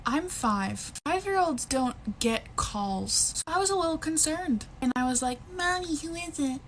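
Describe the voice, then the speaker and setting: A young woman tells a funny childhood story with a lively voice that jumps all over. Faint noise hums under her words, and she sits a bit high in pitch. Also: unhurried. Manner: animated, laughs through her story. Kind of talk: casual storytime to camera.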